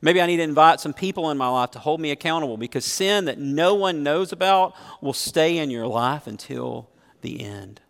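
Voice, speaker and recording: A man's voice: a little high, lively intonation, moderate pace, gravelly, fairly bright tone, clear, resonant tone. Earnest preacher man in a reverberant hall. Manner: earnest, questioning the congregation directly. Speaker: pastor. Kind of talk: sermon. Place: church sanctuary. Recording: long reverb of a large hall.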